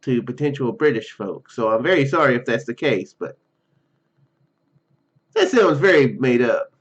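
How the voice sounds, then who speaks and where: Man, slightly hoarse, casual game commentary, rambling with restarts, lively pitch, dull lo-fi sound. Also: moderate pace. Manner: rambling, self-deprecating, many fillers and restarts. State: slightly hoarse, froggy throat. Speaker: gamer reading a text adventure aloud. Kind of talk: casual let's-play commentary and reading.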